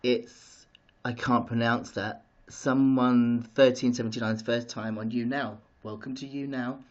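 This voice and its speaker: A man hosting a live stream, chatting excitedly with viewers and drifting off topic. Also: mid-range voice, a little slow. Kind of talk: casual live-stream chat. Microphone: streaming device mic. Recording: dull lo-fi live-stream audio.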